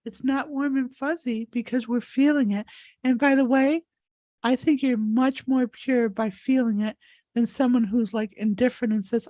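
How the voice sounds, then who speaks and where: A woman's voice: fairly high pitch, fairly even intonation, normal speed, dark tone. A woman hosting a live healing session over a video call, talking in an earnest, rambling way while crying. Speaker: spiritual healer and host.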